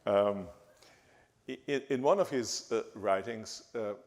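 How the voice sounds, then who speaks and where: A man giving a talk in a church, speaking haltingly with frequent restarts and fillers. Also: lowish voice, darkish tone. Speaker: guest speaker. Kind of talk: church lecture. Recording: reverberant church hall.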